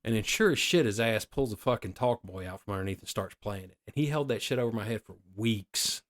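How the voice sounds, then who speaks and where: Middle aged podcast guy telling crude stories, lots of swearing, lowish voice. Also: fairly quick. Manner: profane, animated storyteller. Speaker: podcast co-host. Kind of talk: casual storytelling chat.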